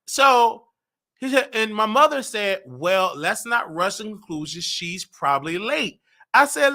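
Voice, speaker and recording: A man hosting a talk show, telling a personal story in an animated way and acting out the dialogue. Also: sits high, moderate pace. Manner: dramatic, acts out quoted dialogue. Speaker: show host.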